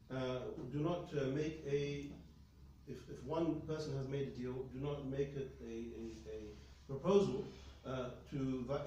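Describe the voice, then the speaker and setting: A man's voice: medium pitch, dark tone, slight background noise. A man teaching a religious lesson to students, emphatic and often checking in with "okay?". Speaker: Islamic studies teacher. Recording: echoey room, mic at a distance.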